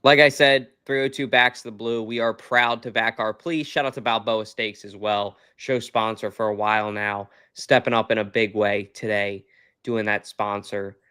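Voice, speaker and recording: A man's voice: on the low side, fairly even intonation, normal speed, pushed and bright, smooth, dry recording, studio quality. A man hosting a live sports postgame show, upbeat and friendly with callers. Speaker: podcast host.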